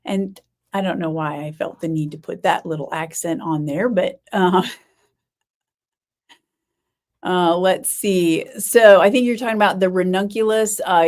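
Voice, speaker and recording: A woman hosts a casual live-stream chat in a slightly low voice. She rambles easily, with lots of ums and quick self-corrections. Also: darkish tone. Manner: chatty, rambling, many fillers and self-corrections. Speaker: podcast host.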